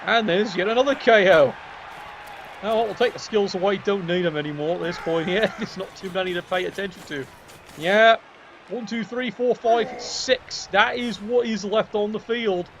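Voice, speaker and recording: A man's voice: sits high, moderate pace, a bit bright, slight background noise. A man giving casual, jokey play-by-play commentary on a video game match, swearing freely and keeping a wry tone.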